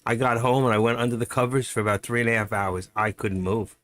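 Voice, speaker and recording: Flat in delivery yet fast, his mid-range voice a bit bright, a middle-aged man hosts a trading live stream. He chats casually, rambles and mutters to himself, and chuckles as he spins stories.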